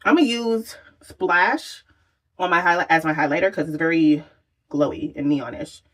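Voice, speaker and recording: A woman's voice: fairly low pitch, moderate pace, a bit bright. A woman chatting casually through a makeup tutorial, exclamatory and swearing freely as she works. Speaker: makeup vlogger.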